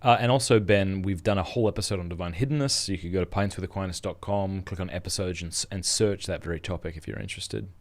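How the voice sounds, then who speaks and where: A male podcast host with a somewhat low voice and an animated, storytelling way of talking. He reads listener questions aloud and jokes around in relaxed chat. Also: fast, hardly any pauses. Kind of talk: casual podcast conversation.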